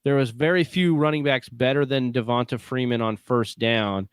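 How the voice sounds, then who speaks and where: A man's voice: mid-range voice, steady tone, moderate pace, clean tone, no echo, studio quality. A man co-hosting a fantasy football podcast, arguing his picks in emphatic, casual chat. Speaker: podcast co-host.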